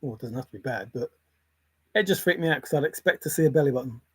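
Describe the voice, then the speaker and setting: A man's voice: medium pitch, expressive, fast talker, fairly bright tone, husky, no echo. A man, musing aloud on his own in a playful, rambling way, jumping between silly word associations.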